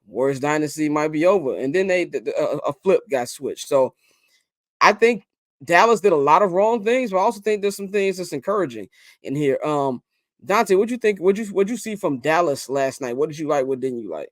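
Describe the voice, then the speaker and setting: A man's voice: on the high side, lively intonation, a little fast, no echo, studio quality. A man hosting a casual sports podcast, talking animatedly with fillers and restarts, then handing the floor to his co-hosts. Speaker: podcast host.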